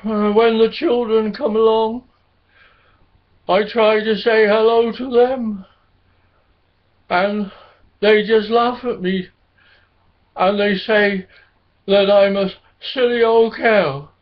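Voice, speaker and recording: Brief: man doing a mournful female storybook cow, high and slow, plaintive. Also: steady tone. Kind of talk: children's storybook reading. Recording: dull lo-fi recording.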